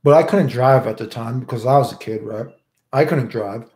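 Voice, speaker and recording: A man's voice: mid-range voice, normal speed, a little mellow. A man telling a crude personal story in casual, rambling talk, often tagging lines with "right?". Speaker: storyteller host. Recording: roomy echo.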